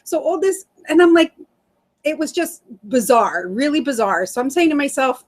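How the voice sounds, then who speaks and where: High-voiced middle-aged woman telling a story. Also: normal speed. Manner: animated, laughs often, acts out quoted voices. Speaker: guest. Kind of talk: casual storytelling interview.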